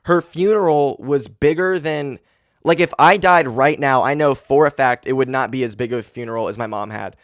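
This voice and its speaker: A man's voice: mid-range voice, normal speed, no echo. A man in his twenties talks alone into a handheld podcast mic, his mid-range voice dry and close. He is candid and heavy with grief, swears often, and leans on "like" and "um" as he talks. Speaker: podcast host. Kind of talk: casual solo podcast monologue.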